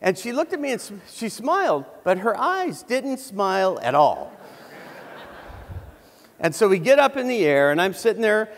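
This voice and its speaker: A man's voice: high voice, sing-song, normal speed. A middle-aged man giving a humorous keynote on stage, telling a story in a conversational way with many restarts. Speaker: keynote speaker. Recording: reverberant hall.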